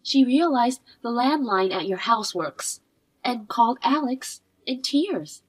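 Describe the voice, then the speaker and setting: A woman narrating a scripted story in a measured, expressive way. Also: fairly high pitch, breathy edge. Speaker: narrator voicing the wife.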